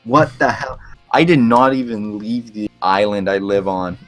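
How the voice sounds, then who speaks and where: Low-voiced young Canadian man, rambling. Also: fairly even intonation, measured pace, a bit bright, soft background music. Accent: Canadian, Boston-like East Coast tinge. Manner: rambling, crude, laughs often. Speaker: livestream co-host. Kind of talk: casual chat.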